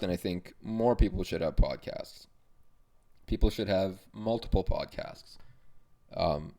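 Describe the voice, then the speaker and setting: A man's voice: deep voice, creaky, darkish tone. A young man hosting his own podcast, rambling in a profane, self-mocking solo monologue. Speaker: podcast host.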